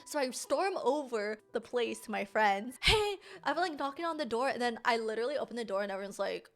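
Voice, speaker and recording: A young woman streamer telling a personal story casually, animated and slangy, often laughing. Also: fairly high pitch, fast talker, soft background music.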